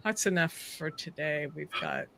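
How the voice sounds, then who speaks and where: A woman's voice: low voice, normal speed, creaky, crowd noise. A host leading a casual panel chat, chatty and laughing as she goes through clips.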